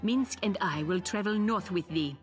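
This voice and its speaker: A woman's voice: mid-range voice, normal speed, close to an everyday voice. A woman voicing a stately female wizard in a video game, speaking in archaic formal language with an accent put on. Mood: solemn. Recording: game audio with music behind.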